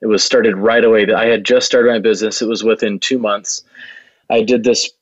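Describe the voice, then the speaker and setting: A man with a fairly low voice tells a long personal story in an interview, earnest and rambling, circling back with fillers and restarts. The sound is dry and a bit dull, like a modest lo-fi recording. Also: steady tone, a little fast, no echo. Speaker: video production business owner, guest.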